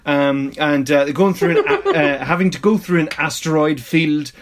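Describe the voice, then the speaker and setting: A man's voice: on the high side, sing-song, moderate pace. A man, rambling through a casual episode recap with mock-exasperated asides and frequent laughs. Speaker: podcast host reviewing an episode.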